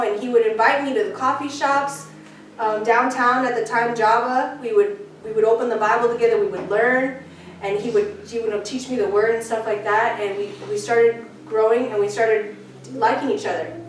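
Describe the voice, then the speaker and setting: A woman's voice: fairly high pitch, a little hiss or hum. A woman giving an earnest, emotional personal testimony at church, telling her story with feeling and acting out what people said. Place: church sanctuary. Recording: echoey church hall, speaker far from mic.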